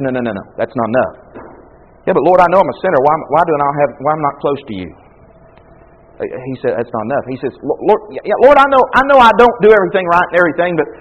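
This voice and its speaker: High-voiced man preaching a sermon. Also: muffled recording. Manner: conversational preaching, with frequent repetitions and acted-out prayers. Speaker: pastor.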